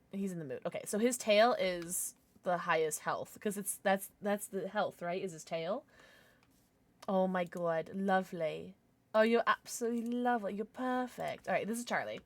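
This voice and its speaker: A woman streaming a game live, chatting with her viewers in an excitable, gushing way with frequent squeals. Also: mid-range voice, normal speed, no echo.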